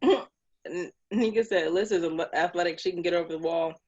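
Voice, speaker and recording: A woman's voice: lowish voice, moderate pace, highs cut off. Laughing woman telling stories. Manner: laughing, lively storyteller. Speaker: co-host. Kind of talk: casual chat.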